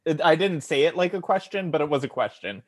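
A man's voice: on the high side, lively intonation, brisk. A man as a podcast guest, asking questions in a dry, joking way. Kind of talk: casual chat.

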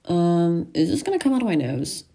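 A teenage girl talks to the camera from her mirror at home, close to the lens. Her voice sits a little low, and she rambles in a chatty, self-mocking way. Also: big pitch swings, normal speed, dark tone. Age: teens. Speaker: vlogger. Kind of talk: casual chat to camera.

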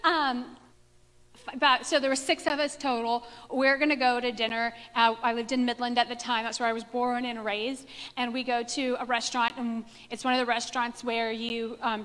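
Woman storyteller, high and bright-toned, chatty and self-mocking, in an echoey hall with a long reverb. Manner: animated, chatty, self-mocking, acts out quotes. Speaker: speaker telling a personal story to a live audience. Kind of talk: storytelling talk.

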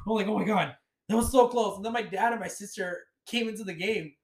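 Man, podcast co-host, animated storyteller, roomy echoey room. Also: high-pitched, fairly quick, crowd noise. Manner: animated storytelling, acts out voices. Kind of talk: casual chat. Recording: roomy echo.

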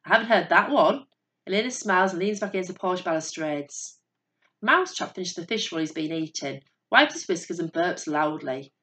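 A woman narrating a story in a steady, measured voice. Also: on the low side.

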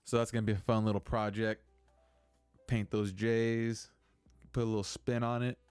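A man's voice: lowish voice, little pitch movement, normal speed, a little mellow, clear, resonant tone, no echo, faint music behind. A young man hosting a casual solo podcast, rambling and venting with lots of swearing. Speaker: podcast host.

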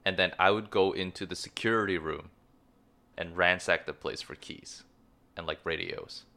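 A man's voice: deep voice, normal speed, creaky, pushed and bright. A man playing a tabletop zombie game, laying out his character's plans in a decisive way. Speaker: player. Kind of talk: tabletop role-play chat.

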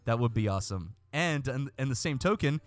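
A man hosting a low-budget podcast in a loose, joking way, dropping deadpan one-liners between topics. His pitch sits in an ordinary middle range, and faint music plays quietly underneath. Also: fairly quick. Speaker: podcast host. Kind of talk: casual podcast chat.

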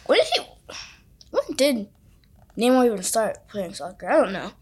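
A young woman co-hosting a podcast, telling stories in animated, chatty casual talk. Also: a little high, normal speed, breathy edge. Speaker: podcast co-host. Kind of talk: casual chat.

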